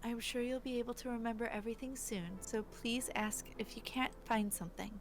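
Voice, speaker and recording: A woman voicing a polite, gentle male bird who owns a café, speaking in a courteous, formal way in a game voiceover. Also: a little high, steady tone, fairly quick, slight background noise, close to an everyday voice.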